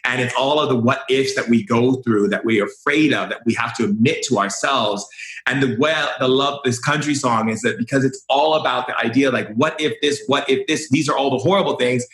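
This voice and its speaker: Man, effusive, repeats himself, average pitch, echoey room. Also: a little fast, fairly bright tone. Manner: effusive, repeats phrases, many fillers. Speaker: podcast guest. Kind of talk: warm conversational interview. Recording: roomy echo.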